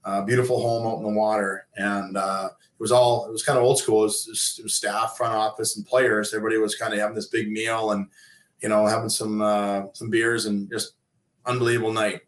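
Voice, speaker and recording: A man in his fifties tells long stories in a loose, rambling way. His voice sits a bit low and he restarts often with fillers. The sound carries the echo of the room. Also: level tone, a little fast. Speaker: interview guest, former pro hockey player turned coach. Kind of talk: casual storytelling. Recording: echoey room.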